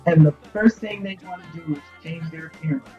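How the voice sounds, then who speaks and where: Business teacher lady, halting and filler-heavy, dull muffled call audio, a little music underneath. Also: low voice. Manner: hesitant, many fillers. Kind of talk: casual interview answers. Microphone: computer mic held too far off.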